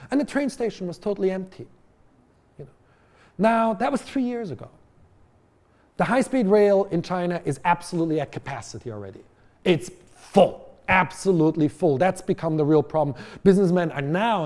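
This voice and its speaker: He lectures to a college audience in a lecture hall in a chatty style, occasionally quizzing the room directly and filling his talk with fillers and restarts. The man's voice sits on the high side and sounds a little mellow.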